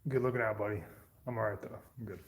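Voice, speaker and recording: A man's voice: fairly low pitch, fairly even intonation, quick pace, creaky. A man livestreaming, rambling loosely and swearing as he answers his chat. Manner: profane.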